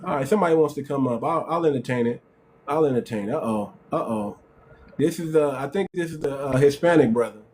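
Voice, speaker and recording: A man's voice: mid-range voice, fairly quick, darkish tone, slight background noise. A man hosting a live call-in stream, talking in a mocking, repetitive way and repeating himself often. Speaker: host.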